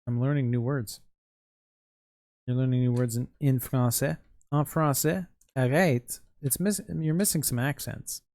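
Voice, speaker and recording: A man's voice: mid-range voice, unhurried, darkish tone, no room sound, clean studio sound. A tired man streaming live, rambling casually and answering chat as he runs an online Mafia game. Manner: rambling, responds to chat messages.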